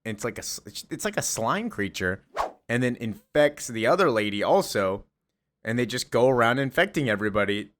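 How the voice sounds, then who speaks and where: A man's voice: mid-range voice, expressive, fairly quick, a bit bright, slight background noise. A young man casually retelling a comic plot in a rambling, offhand way full of fillers. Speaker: voice actor and comic recapper.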